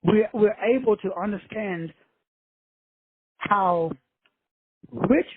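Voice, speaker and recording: A man's voice: sits high, very slow, husky, no room sound, narrow, tinny audio. A man giving a preachy motivational talk, casual and swearing, calling listeners brothers and sisters. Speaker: self-help speaker.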